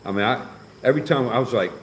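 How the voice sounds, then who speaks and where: A man's voice: medium pitch, fast talker. A man hosting a casual livestream, reading comments and joking around in a teasing, chatty way. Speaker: livestream host. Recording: echoey with faint background noise.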